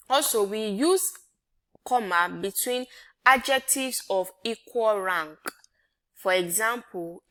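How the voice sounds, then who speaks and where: A woman's voice: mid-range voice, animated, slow, bright, forceful tone. A woman teaching an English grammar lesson, repeating each point and quizzing her listeners with rhetorical questions. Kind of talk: classroom-style grammar lesson.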